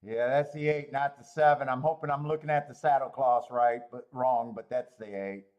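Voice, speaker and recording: A man's voice: mid-range voice, fairly even intonation, moderate pace, darkish tone, dull audio. A man hosting a live horse racing handicapping stream, talking to himself and swearing in frustration over his bets.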